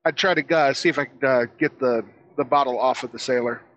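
A man's voice: medium pitch, brisk, a bit bright, dull audio. A man speaking as a player in a tabletop game, matter-of-fact with small hesitations. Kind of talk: casual tabletop chat.

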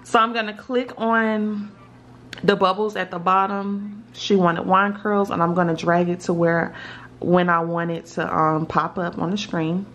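A woman's voice: lowish voice, little pitch movement, measured pace, a bit bright, slight background noise. A woman casually explaining steps in an app tutorial, often checking in with her viewers. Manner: chatty, checks in with viewers with "okay?". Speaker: tutorial vlogger.

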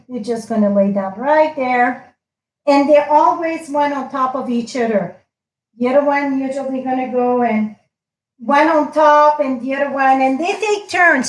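On a live craft stream, a high-pitched woman hosting a stamping session gushes over her work in loose, friendly phrasing. Her voice echoes around an echoey room at home.

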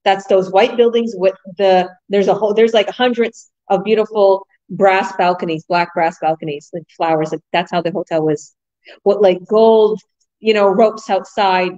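A middle-aged woman from Canada hosting a casual live online chat, bubbly and excited, laughing often. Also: mid-range voice, moderate pace, lo-fi sound. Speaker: host.

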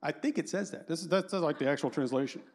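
A man in his fifties giving a lively, joking conference talk and quizzing the audience. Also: on the high side, fast. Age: 50s. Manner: animated and joking, asks the audience questions. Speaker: conference speaker.

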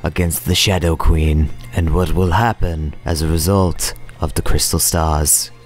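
A man's voice: rumbling low, steady tone, measured pace, faint music behind, pitched below the performer's own voice. A man voicing a grandiose movie-trailer narrator, announcing in a solemn, dramatic manner. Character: deep-voiced dramatic male trailer narrator.

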